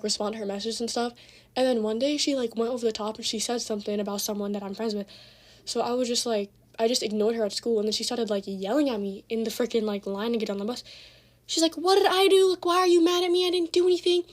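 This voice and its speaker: A teenage girl telling a casual storytime with lots of slang and cursing, animated as she retells the drama. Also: on the high side. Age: teens.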